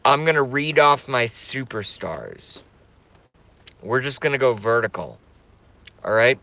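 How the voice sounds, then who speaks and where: Brash, rambling slow-talking male streamer. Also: mid-range voice, sing-song, bright, forceful tone. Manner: rambling, brash, stop-start, crude. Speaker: live streamer. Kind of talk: casual live-stream rant.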